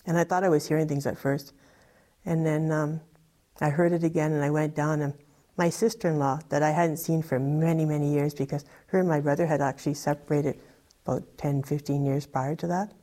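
A woman's voice: sits low, steady tone, brisk, dark tone. A woman telling her personal testimony in an earnest, rambling way, full of "you know" and "like". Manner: earnest, rambling with many fillers. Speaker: testimony speaker.

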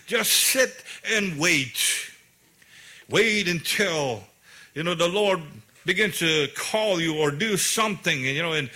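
A man preaching a sermon in a relaxed, conversational way, often saying "you know.". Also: high-pitched.

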